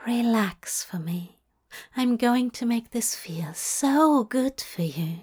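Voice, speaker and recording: A woman voicing a tender, possessive angel man who murmurs softly, often in a whisper. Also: medium pitch, expressive, takes it slowly. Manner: soft, murmuring, partly whispered.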